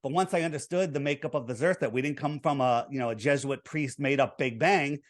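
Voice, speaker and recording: A man's voice: medium pitch, brisk. A man as an interview guest, explaining his views in an earnest, lecturing way and walking through figures step by step.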